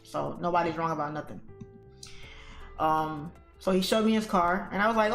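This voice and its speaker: A woman with a fairly low, vocal-fry voice talks at a normal pace while hosting a trading livestream. She tells her viewers a story in a chatty, casual way, calling them "y'all" and "guys." The room is echoey, with faint music playing.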